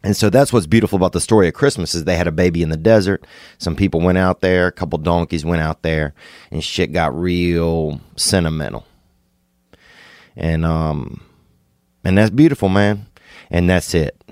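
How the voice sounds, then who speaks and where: A man, hosting a podcast and rambling through an absurd comic monologue, laid-back with sudden excited bursts. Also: deep voice, normal speed, no room sound, clean studio sound. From Louisiana. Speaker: podcast host.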